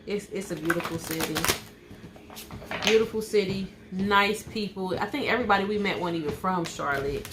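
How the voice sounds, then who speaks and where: Over heavy background noise, a female tarot reader hosts a relaxed live card reading at a normal pace in a mid-range voice. She sounds reassuring and often pauses to ask "okay."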